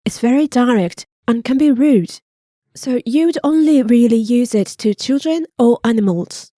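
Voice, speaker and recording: A woman's voice: fairly high pitch, a little slow, dark tone, no echo, studio quality. A woman co-hosting a scripted language lesson, patiently explaining grammar and modeling pronunciation. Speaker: native-speaker co-host teaching Japanese.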